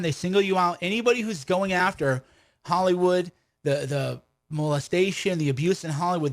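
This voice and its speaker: A man hosting a livestream commentary, combative and full of rhetorical questions and restarts. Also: a little high. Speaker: commentator and host of his own stream.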